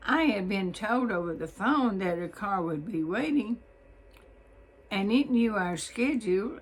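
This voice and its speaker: A woman from Mississippi with a Southern accent telling a personal story in a slow, deliberate drawl. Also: medium pitch, a little hiss or hum, rough recording.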